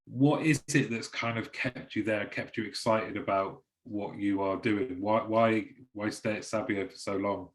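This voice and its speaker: A man's voice: lowish voice, fairly even intonation, measured pace, hardly any pauses, poor audio. A man hosting a podcast interview, asking long, winding questions with interest. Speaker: podcast host.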